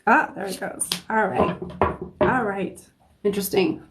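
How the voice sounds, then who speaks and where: A woman giving a live-streamed tarot reading, talking in a chatty, easygoing way, often checking in with "okay?" and laughing softly between phrases. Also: medium pitch, fairly even intonation, measured pace, background noise. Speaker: psychic reader. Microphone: phone or desk mic on livestream.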